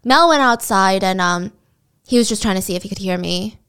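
A woman voicing a nonchalant female witness who talks flatly and offhandedly about grim events. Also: medium pitch, brisk, clear, resonant tone, close to an everyday voice. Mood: bored. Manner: flat, bored, offhand. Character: bored nonchalant woman giving testimony.

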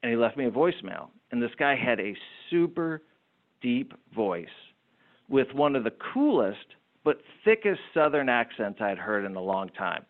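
A man who runs a business, telling lively anecdotes as a guest in an interview. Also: mid-range voice, normal speed. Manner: animated anecdotal storyteller. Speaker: entrepreneur guest. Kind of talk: storytelling interview talk. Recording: tinny phone-like line.

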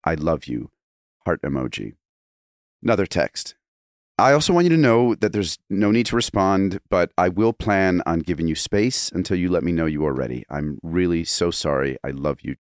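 Very deep-voiced playful man. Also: expressive, normal speed, no room sound, clean studio sound. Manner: playful, joking. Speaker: guest. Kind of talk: casual podcast chat and dramatic reading.

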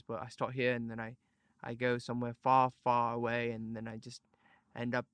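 A man hosting a podcast in casual chat, playful and rambling, drifting in and out of put-on accents, with loud bursts of enthusiasm. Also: medium pitch, completely flat delivery, normal speed, clear, resonant tone, no echo. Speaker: podcast host.

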